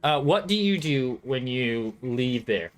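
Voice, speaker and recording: A man running a tabletop game as game master, with a lively, wide-ranging voice. He talks haltingly, with plenty of fillers and laughs. Faint music plays underneath. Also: mid-range voice.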